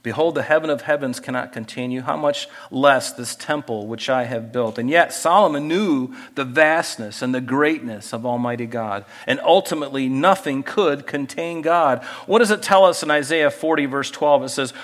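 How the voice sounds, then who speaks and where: Delivering an expository sermon in a large hall, a male pastor speaks at a moderate pace in a mid-range voice with hardly any pauses. Scripture comes out loud and emphatic, while his asides and rhetorical questions fall quiet and conversational.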